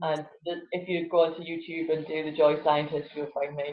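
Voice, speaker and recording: A woman's voice: deep voice, level tone, brisk. A woman, a guest in a casual interview chat who laughs often and acts out voices animatedly. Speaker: guest, laughter yoga teacher. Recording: echoey, phone-like lo-fi audio.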